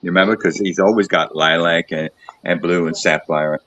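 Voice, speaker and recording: A man co-hosting a radio show, musing aloud in a rambling way with many pauses and restarts. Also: low-pitched, fairly even intonation, a bit bright, highs cut off. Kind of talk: casual chat.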